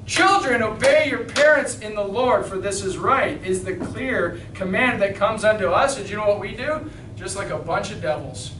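A man preaching a King James sermon in a small church, reading scripture and exhorting with fervent, emphatic bursts of shouting. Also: very high voice, animated, normal speed. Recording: roomy hall, mic at a distance, faint noise.

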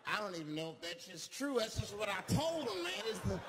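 High-voiced, lively stand-up comic telling a story, noisy club recording. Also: male voice, a little fast. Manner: animated, acting out characters with shouts and gasps. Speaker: stand-up comedian. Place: comedy stage before a live audience.

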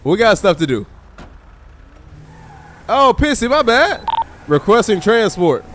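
An animated male streamer with a high voice speaks slowly over a noisy background. He's role-playing a state trooper in casual live-stream gameplay, exclaiming and talking to both his chat and the game characters.

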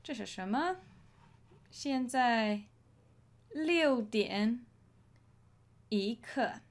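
A woman teaching a language lesson, modelling each phrase slowly and clearly for learners to repeat. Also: a little high, expressive. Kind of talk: slow, deliberate language lesson.

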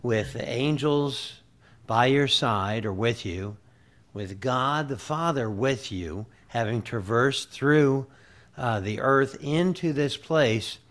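A man hosting an interview, putting his guest's story in context in a measured, thoughtful way. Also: medium pitch, fairly bright tone. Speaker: interview host.

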